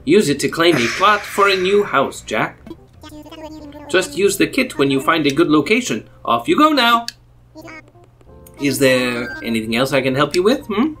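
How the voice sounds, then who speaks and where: Fatherly raccoon businessman, voiced by a woman dropping her voice, polite and coaxing, with a lively, sing-song rise and fall. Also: deep voice, moderate pace, soft background music, voice pushed down. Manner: polite, coaxing, reading game dialogue aloud. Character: fatherly male raccoon shopkeeper, smooth and businesslike.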